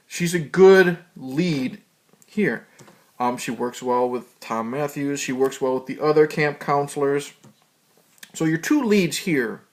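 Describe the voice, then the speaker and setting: A man giving a casual, rambling movie review, swearing freely and filling pauses with ums. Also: mid-range voice. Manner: loose, profane, rambling with fillers.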